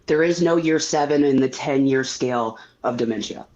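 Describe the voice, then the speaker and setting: A woman's voice: rumbling low, normal speed, a little mellow, highs cut off. A woman co-hosting a casual political chat, blunt and fond of dry one-liners.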